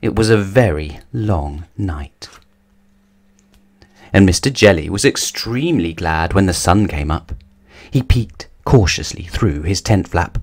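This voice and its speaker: Lively low-voiced male storybook reader. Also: unhurried. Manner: expressive, animated storytelling. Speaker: children's book reader. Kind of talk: bedtime storybook read-aloud.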